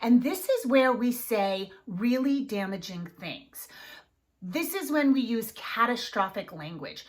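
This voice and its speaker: A woman coaching parents in an emphatic, animated way, often checking in with "right?". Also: mid-range voice, moderate pace. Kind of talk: advice talk to camera.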